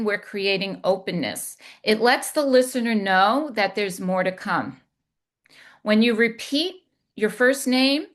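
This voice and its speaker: A woman communication coach giving a deliberate instructional talk, demonstrating inflection as she goes. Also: medium pitch, a bit bright.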